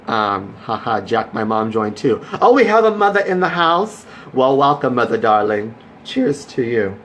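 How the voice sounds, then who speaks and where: A man's voice: mid-range voice, big pitch swings, moderate pace, a bit bright, a little hiss or hum. A man hosting a casual live stream, chatty and effusive, greeting viewers by name and cheering them on. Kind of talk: casual Facebook Live chat.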